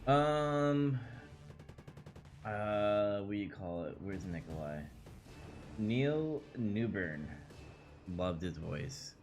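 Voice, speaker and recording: A man's voice: low voice, animated, slow pace, darkish tone, soft background music. A man co-hosting a casual podcast about a video game, talking in a rambling, hesitant way. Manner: rambling, hesitant, many fillers and restarts. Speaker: podcast co-host.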